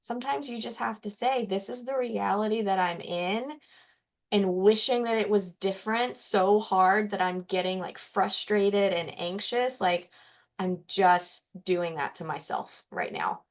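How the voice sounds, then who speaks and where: Woman, podcast co-host, mid-pitched voice, casual chat, relatable, rambling with fillers. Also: expressive, unhurried. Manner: chatty, relatable, thinks aloud with fillers.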